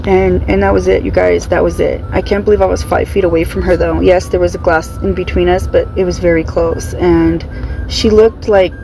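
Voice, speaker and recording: A woman's voice: on the low side, fairly even intonation, normal speed, creaky, music in the background, rough recording. A woman telling her followers a story in a chatty vlog style, nervous and often saying "you guys". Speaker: TikToker recounting a jail visit.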